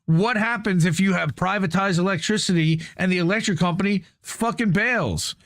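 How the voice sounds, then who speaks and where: A man's voice: high voice, moderate pace, fairly bright tone, no echo. Profane male commentary host, dry sound. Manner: profane, conversational, reads aloud then comments. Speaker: news show host. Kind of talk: casual commentary reading and reacting to an article.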